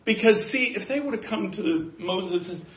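A man's voice: high voice, lively intonation, normal speed. Man, pastor, sermon, emphatic repetition, muffled lo-fi sound. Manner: emphatic, repeats key phrases for weight. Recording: echoey, dull lo-fi room sound.

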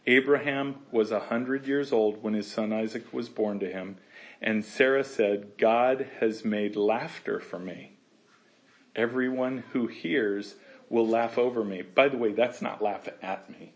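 A man's voice: medium pitch, a little slow. A man leads a verse-by-verse Bible study. He reads each passage aloud and then talks it over casually. He laughs easily and acts out the characters' lines. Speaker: Bible teacher.

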